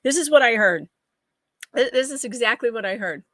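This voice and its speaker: Woman guest on a video call, high pitch, dry close sound, blunt and jokey. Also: animated, brisk, a bit bright, no room sound. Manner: joking, blunt, laughs often, swears freely. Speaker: guest commentator. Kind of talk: casual livestream chat.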